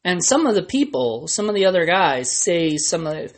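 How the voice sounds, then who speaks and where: A man's voice: high-pitched, very animated, normal speed. A man hosting a podcast, chatting casually and telling a story in a rambling way with lots of fillers. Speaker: podcast host. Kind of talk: casual chat.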